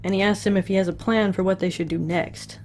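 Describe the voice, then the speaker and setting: A woman's voice: mid-range voice, fairly even intonation, quick pace, a little mellow, slight background noise. A woman chatting casually through an episode recap, with wry asides. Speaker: recap host.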